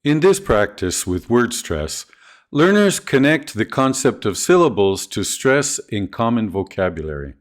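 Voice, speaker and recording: A man narrating a scripted video on teaching pronunciation, speaking in a clear, deliberate, instructional way. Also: mid-range voice, big pitch swings. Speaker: ESL teacher trainer.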